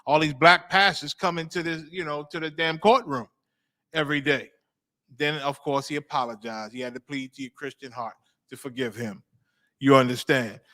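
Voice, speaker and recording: Emphatic, bright-toned male host. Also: fairly high pitch, moderate pace. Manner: emphatic, repeats phrases and asks 'you understand?'. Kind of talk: preaching commentary.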